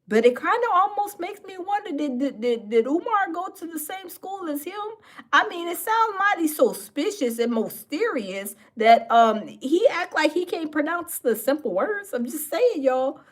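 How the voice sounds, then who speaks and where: A woman's voice: sits high, lively intonation, normal speed. A woman commenting on a livestream, sassy and mocking, talking straight to her viewers.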